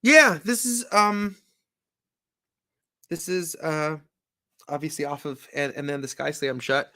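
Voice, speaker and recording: A man's voice: a little high, slow pace, pushed and bright, dry recording, clean studio sound. A man co-hosting a casual chat, laid-back and self-mocking, with many fillers. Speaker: musician co-host.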